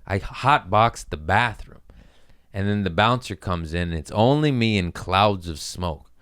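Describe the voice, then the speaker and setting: A man hosting a podcast, telling profane, self-mocking stories in a casual comedic way and jumping into animated voices for the people in them. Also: on the low side, measured pace, no echo, studio quality. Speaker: podcast host.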